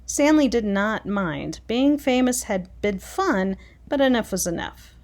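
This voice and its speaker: A woman reading a children's chapter book aloud, expressive and dramatic. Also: mid-range voice, unhurried. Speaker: reader. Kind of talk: storybook read-aloud.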